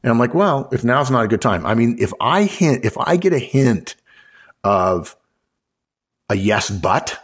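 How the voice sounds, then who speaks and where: A man's voice: mid-range voice, big pitch swings, a little slow, breathy edge. A man hosting a talk show, giving conversational management advice and acting out the dialogue he quotes. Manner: acts out quoted dialogue with a chuckle. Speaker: podcast host.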